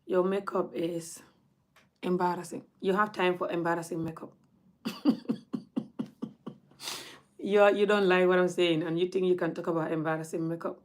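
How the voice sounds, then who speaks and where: A woman's voice: lowish voice, little pitch movement, fairly quick. A young woman, scolding her audience in a blunt, heated rant straight to camera. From Gambia. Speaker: vlogger.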